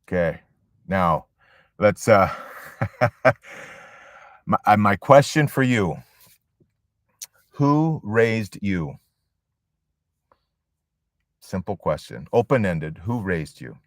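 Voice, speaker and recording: Support group leader, male, very low voice, dramatic pauses, dry sound. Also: expressive, no room sound. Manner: dramatic pauses, emphatic storytelling. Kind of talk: storytelling sermon.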